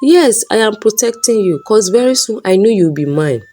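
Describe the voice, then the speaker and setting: A woman's voice: medium pitch, animated, normal speed, mellow, soft background music, voice pushed up, close to an everyday voice. A woman voicing a teasing young male student in a storybook reading.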